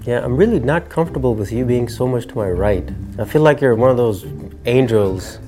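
A man's voice: medium pitch, fairly quick, mellow, faint music behind. A man hosting a year-end commentary show, wry and sermonizing with jokey asides. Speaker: show host.

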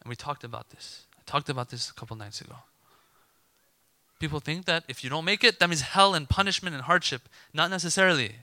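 A man preaching a sermon to a gathered crowd, animated and emphatic, acting out imagined dialogue to make his points. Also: a little high, fairly quick, dry recording.

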